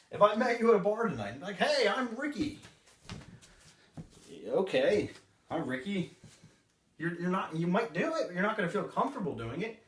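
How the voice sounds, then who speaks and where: A man's voice: sits high, a little hiss or hum. A man training a live audience on sales, with a punchy way of talking and short acted customer exchanges. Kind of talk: live seminar talk. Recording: roomy, distant room recording.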